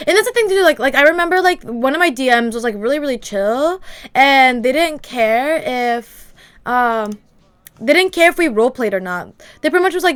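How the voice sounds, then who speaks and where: High-voiced woman rambling on a livestream. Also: a bit bright, clear, resonant tone. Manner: rambling, full of "like" fillers. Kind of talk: casual livestream chat. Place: her own room at home.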